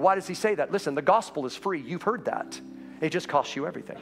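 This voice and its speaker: A man preaching a sermon in a church sanctuary, his voice somewhat high. He swings between hushed low passages and urgent, climbing appeals. Soft music plays faintly underneath. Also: expressive, fast talker. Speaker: pastor.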